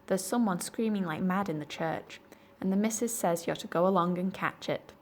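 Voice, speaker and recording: A woman's voice: lowish voice, moderate pace. A woman voicing a pert young housemaid in a storybook reading.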